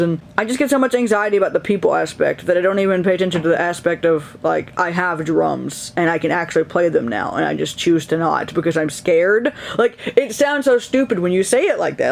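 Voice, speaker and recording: A man's voice: high voice, a little fast, vocal fry, few pauses. A young adult man chatting casually from his bed in a vlog, rambling and candid, laughing often. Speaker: video creator. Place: his bedroom, lying in bed.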